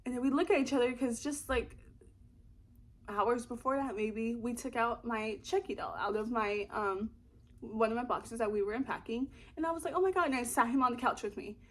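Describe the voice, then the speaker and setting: A woman's voice: on the high side, steady tone, moderate pace. A young woman vlogging from her apartment, telling a story casually, rambling and swearing freely. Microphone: camera in front of her.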